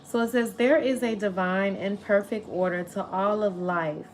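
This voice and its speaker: A woman's voice: medium pitch, moderate pace, a little hiss or hum. A woman giving a spiritual tarot reading to her viewers, rambling and emotional, with many "like"s. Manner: rambling, emotional, says "like" often. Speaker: tarot reader.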